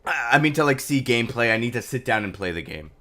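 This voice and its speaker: A man's voice: mid-range voice, lively intonation, fast talker, bright, forceful tone. A man chatting casually on a live stream, loose and rambling with lots of fillers.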